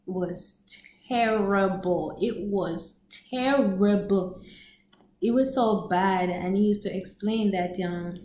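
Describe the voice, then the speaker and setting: A woman telling a story in casual chat on her vlog, animated and laughing often, acting out quotes in a high voice. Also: reverberant, slight background noise, poor audio. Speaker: storyteller vlogger.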